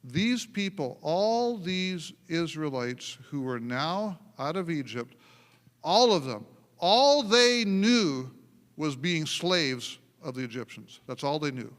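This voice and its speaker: A man preaching a sermon as pastor, telling stories in an animated way and often laughing and restarting his sentences. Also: a little high, takes it slowly. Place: church sanctuary. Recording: long church hall reverb.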